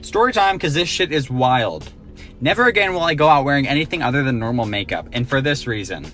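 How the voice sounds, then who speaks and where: Brief: man, mid-pitched, wry and dramatic story time. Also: lively intonation, fairly quick, fairly bright tone, soft background music.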